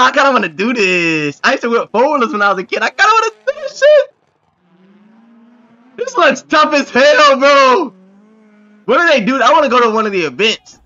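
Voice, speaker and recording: A man hosting a reaction video, with excitable, exclamatory commentary full of profane slang. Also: very high-pitched, highs cut off.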